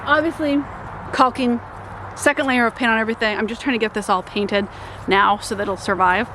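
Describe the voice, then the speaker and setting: Woman vlogger, higher voice, chatty and self-deprecating, outdoor site with steady background noise. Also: a little fast. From United States. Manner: chatty, self-deprecating, talks while working. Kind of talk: casual vlog narration. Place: outdoor campground building site.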